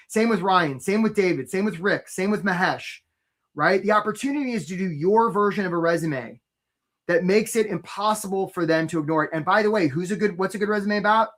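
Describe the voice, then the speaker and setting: A man's voice: high voice, fairly bright tone. Upbeat man hosting a live career webinar. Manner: upbeat, keeps asking "right?" and greets viewers by name. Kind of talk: energetic live webinar pitch.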